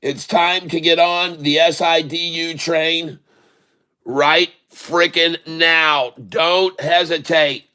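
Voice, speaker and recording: A middle-aged American man hosting a live trading stream, his voice very bright and a touch high. He talks in an unhurried, folksy way, calling his viewers "folks" and cheering his trades on with excitable energy. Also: clear, resonant tone. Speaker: day-trading livestream host.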